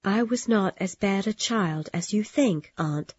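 A gentle, forgiving young woman, as a woman narrator voices her, soft and slow with a husky edge. The recording is dry and dull. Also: fairly low pitch, lively intonation, dry recording.

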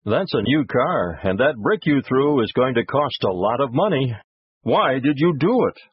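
A man playing an angry young executive who shouts demands at a child. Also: medium pitch, big pitch swings, normal speed, husky, no room sound, pitched above the performer's own voice. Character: angry young male executive, hot-tempered. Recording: dull lo-fi recording.

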